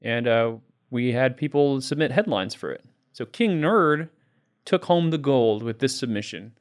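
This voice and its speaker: Male podcast host, mid pitch, upbeat, casual chat delivery. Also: expressive, unhurried.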